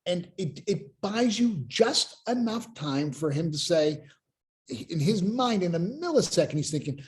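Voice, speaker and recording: A man hosting a live coaching Q&A on a video call, explaining with emphatic, animated energy. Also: high-pitched, unhurried. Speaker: sales coach and host.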